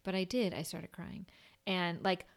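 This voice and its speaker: A woman's voice: on the low side, fairly even intonation, unhurried, gravelly. A young woman who works as a burn-unit nurse, talking candidly in a casual conversation, rambling with lots of "like.".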